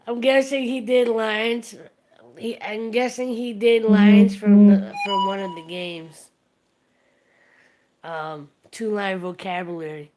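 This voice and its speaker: A woman's voice: mid-range voice, steady tone, takes it slowly, long pauses, dark tone. A woman hosting a livestream, chatting casually and retelling a funny story with plenty of restarts and acted-out quotes. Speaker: stream host.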